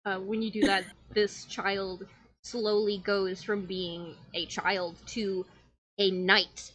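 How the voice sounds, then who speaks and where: A woman's voice: medium pitch, flat delivery, takes it slowly, fairly bright tone, no room sound, rough recording. A woman narrating a tabletop game as game master, in flowing, descriptive storytelling.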